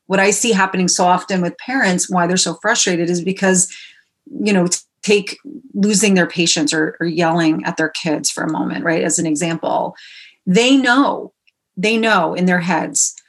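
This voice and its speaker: A woman parenting coach, a podcast guest, explaining her ideas in an earnest, measured conversational way. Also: on the low side, slightly rough. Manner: earnest, explanatory, uses sports analogies.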